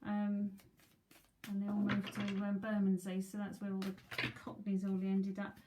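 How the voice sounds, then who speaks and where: An English psychic tarot reader from England gives a live reading from home, chatting with viewers by name and often repeating her words. Her mid-range voice is monotone at a moderate pace, with background noise behind it.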